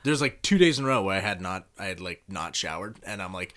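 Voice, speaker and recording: A man's voice: low-pitched, fast talker, few pauses, pushed and bright, slight background noise. A man co-hosting a podcast in casual chat, talking expressively about his work week. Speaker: podcast co-host.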